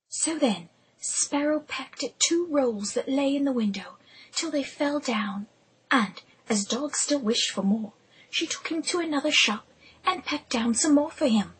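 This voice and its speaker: A woman narrating an audiobook in a hushed, intimate whisper. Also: sits high, slightly rough, rough recording.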